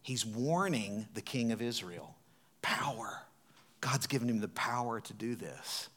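A man preaching a sermon as a pastor, retelling a scripture story expressively, swinging from loud emphasis to hushed tones. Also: mid-range voice, lively intonation, a little slow.

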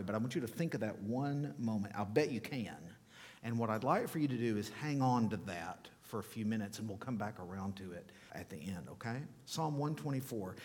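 A man preaching a sermon to his congregation in a relaxed, conversational way, with soft chuckles between thoughts. His voice sits in the middle range and carries a long reverb, as if he were recorded in a large hall. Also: medium pitch. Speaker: pastor.

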